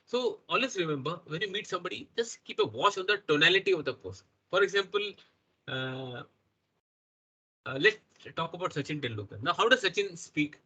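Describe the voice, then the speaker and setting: Indian English trainer, man, middle-aged, fairly high and slightly rough voice, keeps asking "okay?". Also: lively intonation, a little fast, bright, forceful tone, poor audio. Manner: talks to the audience with frequent "right?" and "okay?" checks. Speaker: workshop trainer. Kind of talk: interactive workshop lecture.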